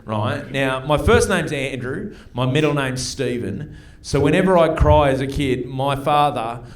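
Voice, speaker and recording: Australian comedian, roomy live club sound. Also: male voice, medium pitch, unhurried, distant mic. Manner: chatty, profane, keeps checking in with the crowd. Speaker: stand-up comedian.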